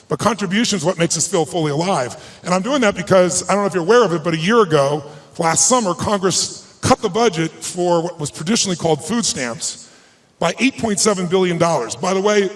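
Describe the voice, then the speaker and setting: A man giving a motivational speech at an event, telling an emotional personal story with emphatic delivery. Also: high voice. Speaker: motivational speaker. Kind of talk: speech to a live audience. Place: event stage.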